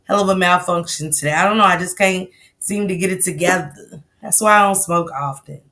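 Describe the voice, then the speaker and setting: A woman hosting a casual livestream, greeting viewers by name in relaxed, slangy banter. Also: lowish voice, a little fast. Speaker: livestream host.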